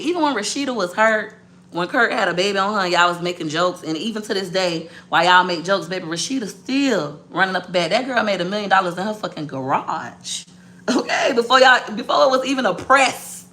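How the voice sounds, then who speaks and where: A woman business owner telling a story to her viewers in a blunt, profane, animated way. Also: medium pitch, brisk.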